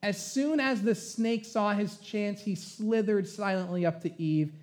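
A man's voice: sits high, measured pace, darkish tone. A man who is a pastor, preaching a sermon in an emphatic, conversational way and asking the congregation questions.

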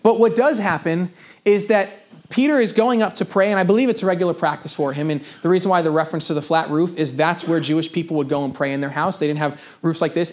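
A young adult man preaching a sermon in a casual storytelling manner, with humorous asides and personal confessions. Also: a little high. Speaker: pastor.

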